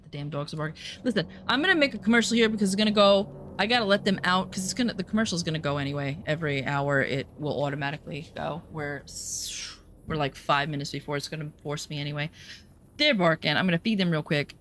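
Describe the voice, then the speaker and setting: A woman's voice: deep voice, a bit bright, a little hiss or hum. A young adult woman streaming and telling a story in casual chat, sarcastic and profane, over faint music. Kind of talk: casual chat while gaming.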